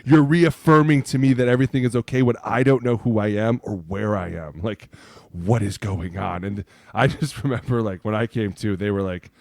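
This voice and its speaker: Animated middle-aged guy, ex-lineman, tells stories and does the voices, says "right?" a lot, dry close mic. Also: on the low side, normal speed, creaky, no echo. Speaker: podcast guest, former NFL offensive lineman. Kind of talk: casual sports chat.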